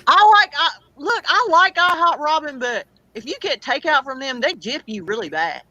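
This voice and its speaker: Rambling Southern man, bright voice. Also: extremely high pitch, animated, moderate pace, lo-fi sound. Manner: rambling, self-correcting. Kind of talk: casual chat.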